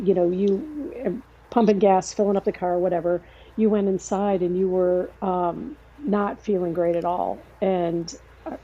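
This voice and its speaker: A middle-aged woman telling a family story in casual conversation, rambling and halting, acting out quoted dialogue. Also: mid-range voice, lo-fi sound. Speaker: podcast guest, sister.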